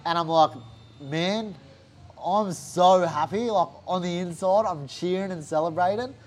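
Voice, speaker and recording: Animated Australian man telling a story. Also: high-pitched, normal speed. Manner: animated, swears often, heavy use of "like". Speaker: interview guest, fighter. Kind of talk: casual storytelling chat.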